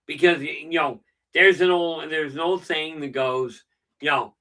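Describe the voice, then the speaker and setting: A man's voice: on the high side, steady tone, a little slow, sharp tone, far from the mic, rough recording. A middle-aged man hosting a casual live stream, telling stories with dry jokes. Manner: chatty storyteller with dry jokes. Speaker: channel host.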